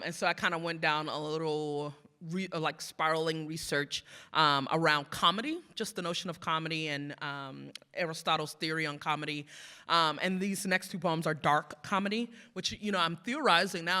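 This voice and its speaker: A woman's voice: sits low, pushed and bright. A woman poet giving a live reading at a museum, mixing playful, self-teasing asides with rhythmic, building spoken-word poems. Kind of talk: live poetry reading with banter. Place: museum event before an audience.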